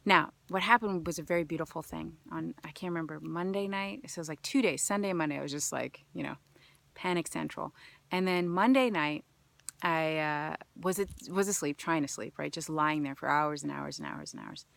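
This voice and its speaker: Gravelly low-voiced woman telling a story. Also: brisk, no room sound. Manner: storytelling, swinging from hushed asides to loud emphasis. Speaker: healer and vlog host. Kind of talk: casual self-help monologue.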